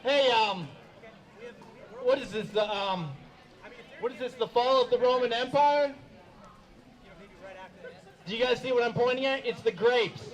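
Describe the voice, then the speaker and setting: High-voiced man emceeing a comedy show. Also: unhurried, pauses often, some chatter behind, rough recording. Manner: loose, chatty announcements. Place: outdoor event.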